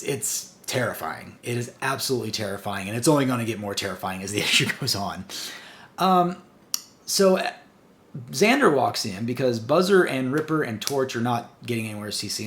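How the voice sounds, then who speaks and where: A man hosting a review channel, retelling a comic's plot in a casual, excited way with frequent chuckles. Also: medium pitch.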